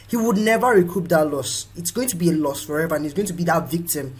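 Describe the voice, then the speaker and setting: Husky Nigerian man giving a pep talk. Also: high-pitched, a little fast, hardly any pauses, low-quality recording. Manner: animated, acts out quoted voices. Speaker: host. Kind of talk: motivational live talk.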